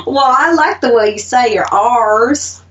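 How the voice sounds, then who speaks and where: A woman's voice: high-pitched, animated, slow pace, a bit bright, far from the mic, muffled recording, a little hiss or hum. A woman with an Oklahoma accent co-hosting a radio show, chatting casually and laughing often. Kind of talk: casual chat.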